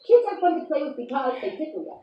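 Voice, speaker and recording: A high, lively woman talks fast and playfully, rambling through an improvised star-sign persona. She sounds amused by herself. The recording is dull and lo-fi, caught from a distance in an echoey room.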